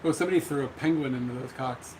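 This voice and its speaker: A man's voice: medium pitch, quick pace, a little mellow, a little hiss or hum, poor audio. An American man co-hosting a casual livestream from home, laid-back, reading viewers' questions aloud and answering. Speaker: livestream co-host. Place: home room.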